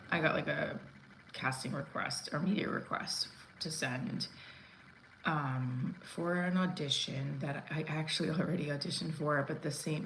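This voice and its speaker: A woman's voice: low voice, fairly bright tone. A woman in her forties chatting casually on a livestream from home, rambling with lots of fillers and restarts. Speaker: comedian livestream host. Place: home room. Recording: echoey room with faint ambient noise.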